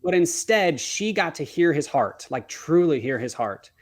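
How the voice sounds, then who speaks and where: A man's voice: a little high, big pitch swings, a little slow. A man, a wedding photographer and podcast guest, telling a story in an earnest way, often restarting and correcting himself and acting out remembered dialogue. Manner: acts out remembered dialogue as he talks.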